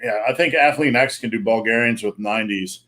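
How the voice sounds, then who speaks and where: A man's voice: fairly low pitch, brisk, fairly bright tone. A man hosting a live online Q&A, chatting casually and joking, with plenty of fillers. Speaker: host. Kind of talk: live-stream Q&A chat.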